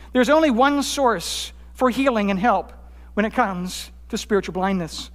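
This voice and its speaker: A pastor preaching a sermon, rising for quoted cries and dropping low on his key points. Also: a bit bright. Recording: long hall reverb.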